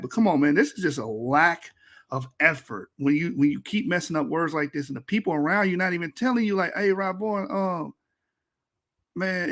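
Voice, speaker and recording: A man's voice: fairly high pitch, sharp tone. A man commentating on a debate clip in a casual, mocking way, laughing often and swearing. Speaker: reaction commentator.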